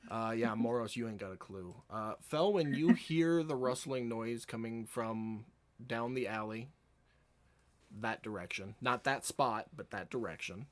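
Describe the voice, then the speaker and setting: A man running a tabletop game as dungeon master, relaxed and laughing often between his descriptions. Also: medium pitch, unhurried.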